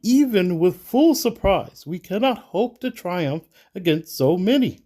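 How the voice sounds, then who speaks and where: A man's voice: on the high side, big pitch swings, takes it slowly, dark tone, slightly rough, pitched above the performer's own voice, heavily acted. A man playing a proud, cautious male warrior companion who blusters and protests in a pompous way. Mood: protesting.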